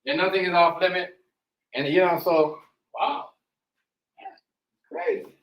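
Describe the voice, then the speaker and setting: A man's voice: high voice, fairly even intonation, moderate pace, fairly bright tone, reverberant, poor audio. A man hosting a casual reaction stream, rambling with many fillers and repeated words. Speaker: stream host.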